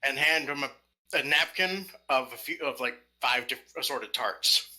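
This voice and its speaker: A man in a tabletop role-play who calmly lays out his character's actions. His voice is extremely bright and sharp, at an ordinary middle pitch. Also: normal speed. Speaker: player.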